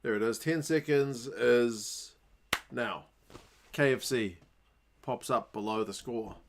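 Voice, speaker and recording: A man with a New Zealand accent hosting a casual rugby watchalong stream, chatting with viewers and getting excited at big plays. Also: medium pitch, takes it slowly, slight background noise. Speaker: livestream host.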